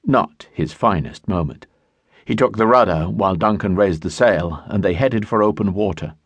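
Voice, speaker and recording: A man narrating a historical romance audiobook in a measured storytelling voice, recorded in a studio. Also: lowish voice, no room sound. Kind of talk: scripted narration. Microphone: studio mic.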